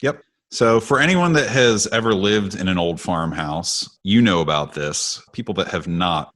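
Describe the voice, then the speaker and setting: Deep-voiced guy telling a family story, bright tone, voice bounces all over, laughs through it. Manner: animated storyteller, acts out quoted voices with laughs. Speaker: podcast co-host. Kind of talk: casual storytelling chat.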